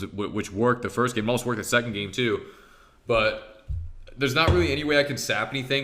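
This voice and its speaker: A man talking viewers through his own match in a loose, excitable way, dropping swears as he goes. His voice is bright and forceful, with a punchy edge. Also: on the low side. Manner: excitable and profane, talks straight to viewers. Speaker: professional arena player reviewing his match. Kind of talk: casual gameplay commentary.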